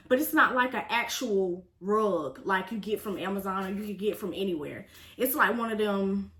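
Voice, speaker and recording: A woman's voice: a little high, pushed and bright, roomy sound. A young woman telling a storytime vlog in a chatty, sassy way, talking straight to her viewers. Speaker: vlogger.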